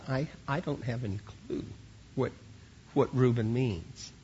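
A man's voice: medium pitch, unhurried, dark tone, dull audio, slight background noise. A man who teaches children at church, telling an earnest sermon-style story and often repeating words as he starts a line.

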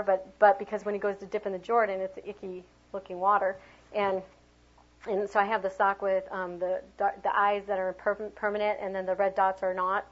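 A woman's voice: mid-range voice, dull audio. A middle-aged woman, a preschool teacher, giving a training talk and acting out children's cheers and reactions as she demonstrates. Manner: animated, acts out sounds and voices for children. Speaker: preschool teacher leading a workshop.

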